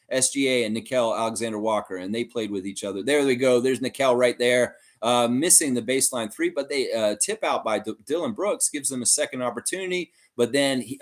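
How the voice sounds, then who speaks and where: A man hosting a live watchalong stream, giving excited fan play-by-play and trash talk. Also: medium pitch. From Canada. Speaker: livestream host.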